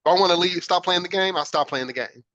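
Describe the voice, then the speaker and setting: In a poor-fidelity clip with the highs cut off and no room sound, a man speaks quickly in a high-pitched, somewhat bright voice. He's a podcast host and adult father, earnestly reflecting on a personal story and checking in with "right?" often.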